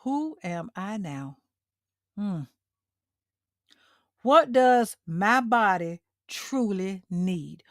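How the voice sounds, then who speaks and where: A woman's voice: mid-range voice, expressive, drawn-out words, long pauses, no echo, studio quality. A middle-aged woman hosting a motivational livestream talk, speaking directly to her listeners and repeating her key lines for emphasis. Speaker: host.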